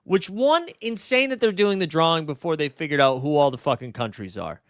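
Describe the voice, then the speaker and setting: A young man with a slightly high, expressive voice hosts a fantasy sports livestream at a brisk clip. The casual chat rambles, swears and drifts into tangents, with no echo and studio-quality sound.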